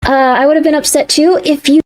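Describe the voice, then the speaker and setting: A woman streamer on a livestream, upset and annoyed, then talking herself back into calm. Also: high voice, brisk. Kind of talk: livestream talk.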